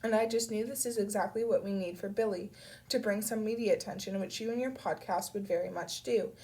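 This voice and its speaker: A warm, effusive middle-aged mother rambles on a phone call, as voiced by a woman reading aloud. Her voice has a gravelly edge and sounds stuffed up from a cold. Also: mid-range voice, brisk, lightly acted. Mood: eager.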